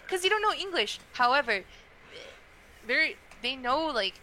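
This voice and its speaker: Bright-voiced young woman telling a story. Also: sits high, measured pace, a little hiss or hum, rough recording. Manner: animated, chatty, many fillers and restarts. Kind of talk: casual storytelling chat.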